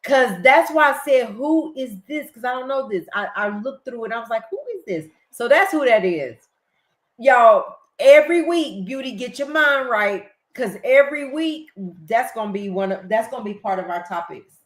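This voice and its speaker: An older woman with a Southern US accent, hosting a casual late-night live-stream chat, excitable and quick to laugh. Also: a little high, roomy sound, poor audio. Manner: chatty, excitable, laughs easily. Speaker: livestream host.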